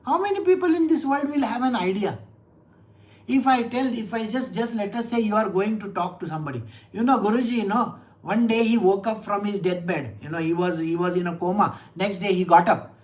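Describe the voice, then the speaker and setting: A man, a spiritual teacher giving an animated scripture lecture full of rhetorical questions. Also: sits high, a little fast, poor audio.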